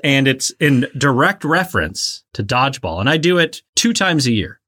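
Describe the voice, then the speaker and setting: A man's voice: mid-range voice, sing-song, moderate pace, bright, forceful tone. A man co-hosting a casual movie podcast, making wry, playful asides. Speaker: podcast co-host.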